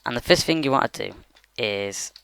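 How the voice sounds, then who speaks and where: A man narrates a game-building tutorial at his bedroom desk, loose and rambling with plenty of fillers. His voice is very clean and crisp, with a bright edge. The recording is dry and close, with no room sound. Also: mid-range voice, expressive, moderate pace, dry recording. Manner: rambling, many fillers like "you know" and "like". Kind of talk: casual screen-recorded tutorial.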